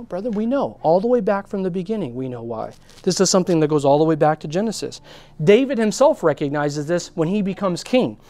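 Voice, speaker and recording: A man preaching a sermon in an earnest style, his voice rising on key words and dropping to a hush. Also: high-pitched, dry recording. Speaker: pastor.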